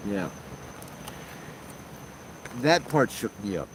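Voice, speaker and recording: A man's voice: on the low side, big pitch swings, extremely slow, background noise. A man, hosting a channel of ghost stories, tells a personal encounter in a chatty, casual way, acting out the dialogue. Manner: chatty, acts out dialogue with fillers and restarts. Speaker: ghost story host. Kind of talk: casual spoken storytelling.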